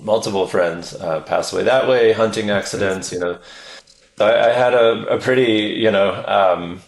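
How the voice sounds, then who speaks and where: Deep-voiced man, reflective and roomy. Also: gravelly. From American South. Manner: reflective, measured storytelling. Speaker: neuroscientist guest. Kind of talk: podcast interview.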